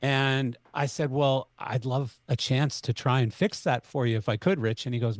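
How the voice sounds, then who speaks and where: Middle-aged Canadian man, animated podcast storyteller, dry close mic. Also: mid-range voice, normal speed, few pauses, dry recording. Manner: animated, acts out both sides of dialogue. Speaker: podcast guest. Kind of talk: conversational storytelling.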